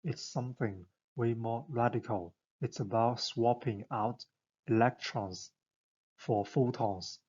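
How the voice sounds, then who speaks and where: A man narrates an explainer in an enthusiastic, conversational way, posing rhetorical questions as he goes. His voice is husky and unhurried. The recording sounds a little dull and lo-fi. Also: mid-range voice, dark tone.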